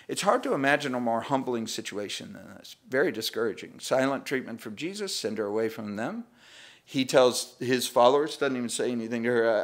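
Male pastor, conversational sermon, acts out the story characters, mid-pitched voice. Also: expressive, brisk, a bit bright.

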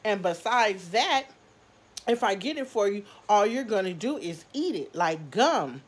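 A woman's voice: mid-range voice, sing-song, a little slow, husky. A woman voicing a tired mother scolding her daughter as she retells a story.

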